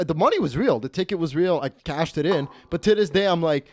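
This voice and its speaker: A young man tells a casual podcast story with animated, profane energy and frequent restarts. His voice sits fairly high for a man. The sound is dry and close. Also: brisk, dry recording. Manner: animated, swearing, many restarts. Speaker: host. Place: podcast studio.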